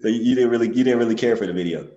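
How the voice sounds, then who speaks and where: A man hosting a podcast, asking relaxed questions in a casual interview. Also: mid-range voice, rapid-fire. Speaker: podcast host. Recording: dull lo-fi sound.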